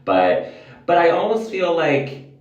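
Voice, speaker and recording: A man's voice: a little high, wildly swooping pitch, slow pace, dull audio. A man vlogging in a candid, rambling way, swearing freely as he chats to the camera. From United States. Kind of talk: casual chat to camera. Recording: roomy, mic at a distance.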